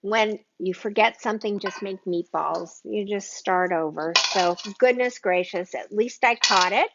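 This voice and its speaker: A woman's voice: mid-range voice, measured pace, vocal fry, highs cut off, noisy background. A woman hosting a live cooking stream from her home kitchen, chatting with viewers by name in an exclamatory way. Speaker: cooking show host.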